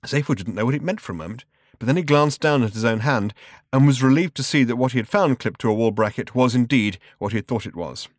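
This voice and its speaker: A man reading a novel aloud in a measured, dry storytelling manner. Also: mid-range voice, animated, no echo. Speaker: audiobook narrator. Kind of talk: scripted narration.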